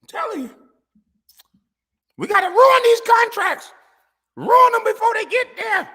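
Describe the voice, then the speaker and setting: A man's voice: very high-pitched, expressive, unhurried, sharp tone, voice pushed up, full character voice. A man putting on a blustering middle-aged football traditionalist who hollers a frantic, squealing rant.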